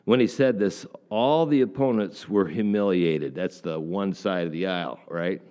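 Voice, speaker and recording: A man's voice: low voice, moderate pace, mellow. A middle-aged male pastor giving a conversational sermon, folksy and full of questions to the congregation.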